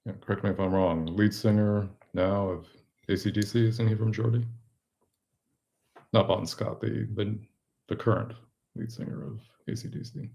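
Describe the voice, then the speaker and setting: A man's voice: lowish voice, steady tone, moderate pace, creaky, long pauses, mellow. An American man co-hosting a live stream, chatting casually, often hesitating and repeating words. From United States. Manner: hesitant, repeats words, short agreeing replies. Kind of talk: casual chat.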